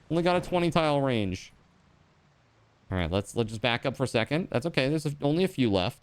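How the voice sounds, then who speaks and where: A man streaming a video game live, chatting casually and jumping into excited high outbursts. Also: fast talker, clear, resonant tone. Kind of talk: live gameplay commentary.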